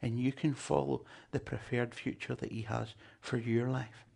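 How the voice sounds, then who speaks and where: A man delivers a sermon with a gravelly, creaky texture in his voice. His pitch sits in an ordinary middle register. He leans hard on key words and slips in humorous asides to the congregation. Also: little pitch movement, normal speed, a little mellow. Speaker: preacher.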